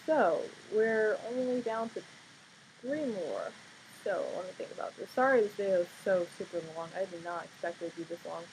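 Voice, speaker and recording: A sleepy teenage girl talks softly into her camera at home late at night, trying not to wake anyone. She rambles with lots of ums and trails off, then turns blunt and heated. Her voice sits mid-range, with a faint hiss behind it. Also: medium pitch, normal speed, poor audio. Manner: quiet, tired, rambling with many fillers, blunt outbursts. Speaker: vlogger. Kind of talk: casual vlog monologue.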